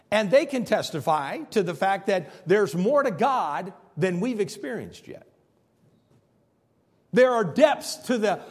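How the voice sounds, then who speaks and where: A man preaching a sermon as pastor in a church. He is earnest and restarts his phrases often. His delivery swings from loud emphasis to hushed intensity. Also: high-pitched, breathy edge.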